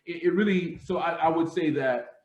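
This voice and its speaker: A man's voice: fairly high pitch, normal speed, a little mellow. A man from Dallas, a podcast guest, talking earnestly in casual interview talk, laughing easily and restarting often. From Dallas, Texas. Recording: echoey, dull played-back clip.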